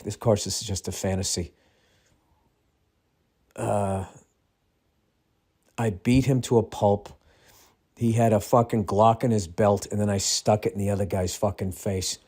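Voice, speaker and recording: A man in his fifties talks on his own podcast in a loose, rambling monologue. His voice sits a little low, and he swears constantly as he turns stories into exasperated, incredulous rants. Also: steady tone, moderate pace, pauses often, dark tone, breathy edge. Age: 50s. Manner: profane, rambling storyteller with frequent swearing. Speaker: podcast host. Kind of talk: casual solo ranting monologue.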